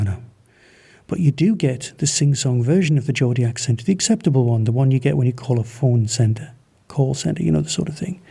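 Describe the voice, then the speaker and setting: A man's voice: medium pitch, warm tone, breathy edge. A man from Manchester hosting a podcast, giving a casual, rambling and enthusiastic spoken review. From Manchester, England. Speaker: podcast host reviewing audio dramas.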